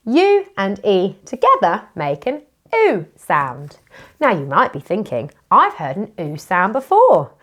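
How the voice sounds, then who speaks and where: British woman, phonics teacher, lively rising-falling voice, unhurried, sing-song for young children. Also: medium pitch.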